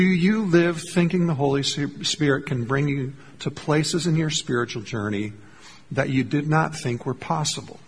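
A man preaching a sermon as pastor, telling a story earnestly and slowing down to stress key lines. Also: on the high side, vocal fry, long reverb tail, slight background noise. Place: church sanctuary.

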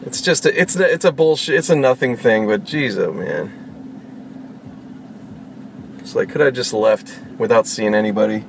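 Gravelly-voiced man ranting from his car. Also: mid-range voice, normal speed, long pauses. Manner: rambling, profane, with lots of restarts. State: irritated. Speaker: vlogger. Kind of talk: casual rambling monologue to viewers. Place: inside a car, driving in traffic. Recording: road and traffic noise.

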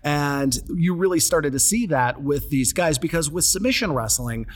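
A man hosting a podcast, telling a story in an animated, casual way with joking asides. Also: on the high side, moderate pace. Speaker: podcast host.

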